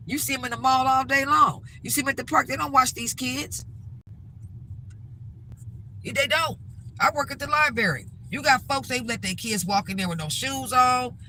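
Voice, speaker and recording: A woman's voice: on the high side, bright, forceful tone, slight background noise, low-quality recording. Middle-aged woman vlogger, piercing edgy tone, heated blunt rant recorded on a phone in a car. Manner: emphatic, repetitive, blunt and heated. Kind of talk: ranting to-camera vlog.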